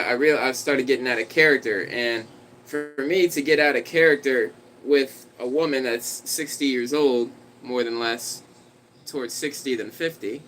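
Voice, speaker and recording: A man's voice: mid-range voice, a bit bright, a little hiss or hum, low-quality recording. A man livestreaming, telling a story in a rambling, conversational way and talking to his dog.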